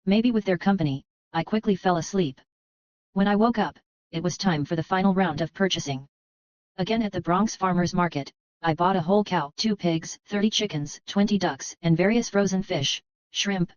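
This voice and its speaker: A woman narrating a first-person story in a steady, even reading voice. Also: on the low side, dry recording, muffled recording. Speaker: audiobook narrator.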